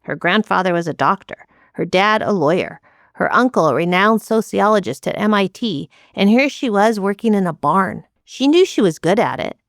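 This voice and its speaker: A woman hosting a podcast, reading scripted introductions of her guests in a measured, reflective way. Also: mid-range voice, expressive, no room sound, studio quality. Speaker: podcast host.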